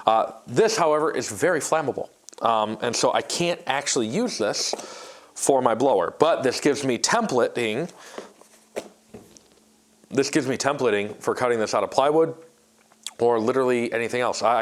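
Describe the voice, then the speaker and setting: A man vlogging a workshop build in a casual, rambling way, often stumbling and restarting his sentences. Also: medium pitch. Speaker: maker vlogger.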